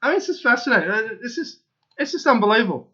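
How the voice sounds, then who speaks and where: A man hosting his own channel, giving an opinionated solo monologue to his viewers in an excitable, insistent way that keeps circling back to the same points. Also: very high-pitched, fast talker, dull audio. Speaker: channel host.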